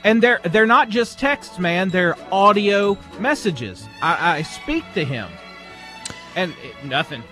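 Man, radio co-host, dry wry humor, slightly high voice, faint music behind. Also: big pitch swings, takes it slowly, sharp tone. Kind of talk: casual on-air banter. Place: radio studio.

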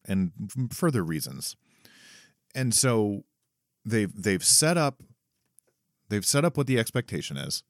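A man with a very deep, low voice co-hosts a podcast. He thinks aloud and talks at length, often restarting his sentences as he works out a point. The recording is dry and close. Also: very animated, normal speed, no echo. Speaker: podcast co-host; parent. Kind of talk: casual chat.

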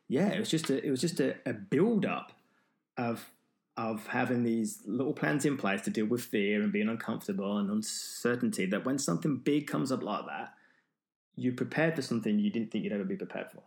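A man's voice: on the low side, animated, normal speed, a little mellow. A man who is an endurance runner, telling a story as an interview guest, rambling with many restarts. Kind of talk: storytelling in conversation.

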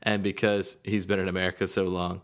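Low-voiced laid-back man hosting a podcast. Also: little pitch movement, brisk. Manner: easygoing, rambling, self-deprecating. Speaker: podcast host. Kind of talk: casual podcast chat.

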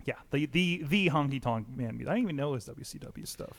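A man's voice: mid-range voice, expressive, quick pace. A man hosting a casual podcast chat, rambling with frequent restarts while reading a sponsor spot. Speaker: podcast host.

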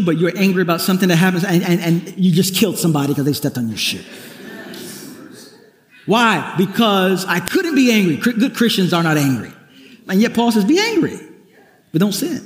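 High-voiced pastor preaching in an echoey hall. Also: male voice, animated, a little fast. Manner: conversational preaching with wry asides and repeated restarts. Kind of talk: sermon. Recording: echoey hall, long reverb.

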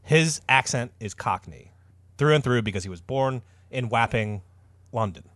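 A man's voice: mid-range voice, expressive, moderate pace, noisy background. A man hosting a comedy podcast, retelling a story with mock-dramatic flair. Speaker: podcast host.

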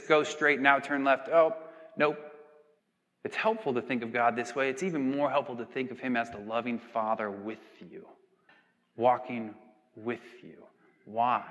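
A young male pastor talking through a sermon in a loose, chatty way, with a bright, forceful voice. He keeps checking in with the listeners and acts out small everyday scenes. The sound rings with the long reverb of a large hall. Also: a little high. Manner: conversational, tag questions, acts out little scenes.

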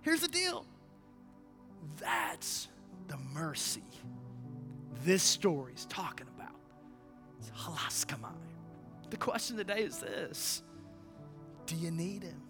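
A man preaching a sermon as a pastor, swinging from loud emphatic lines to hushed storytelling. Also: high-pitched, huge pitch swings, slow, long pauses, over music.

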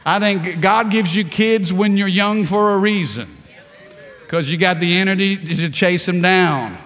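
A man's voice: high-pitched, unhurried, a bit bright, in a large hall. A man preaching a fervent sermon, repeating words and asking the congregation rhetorical questions. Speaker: pastor. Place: large church hall.

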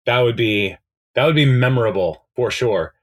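Man, mid pitch, casual chat, rambling, filler-heavy, laughs easily. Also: moderate pace. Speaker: podcast co-host. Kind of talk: casual chat recapping a TV episode.

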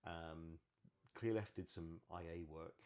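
Man, low voice, relaxed podcast co-host who laughs easily. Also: slow pace. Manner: chatty, laughs easily, many fillers. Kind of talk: casual design chat.

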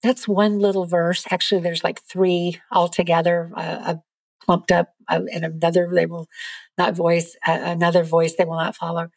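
A middle-aged woman speaking as a podcast guest, giving an earnest, lively faith testimony. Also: lowish voice, moderate pace, no room sound.

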